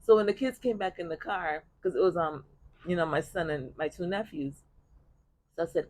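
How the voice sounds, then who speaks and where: A woman telling a personal story in casual chat, blunt and profane, with an animated delivery. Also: lowish voice, brisk. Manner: blunt, profane, animated retelling with bursts of laughter.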